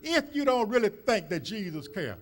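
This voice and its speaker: A man's voice: high voice, big pitch swings, normal speed. A man preaching a sermon as a minister, telling stories in a folksy way with many fillers and rising emphasis. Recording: church service recording.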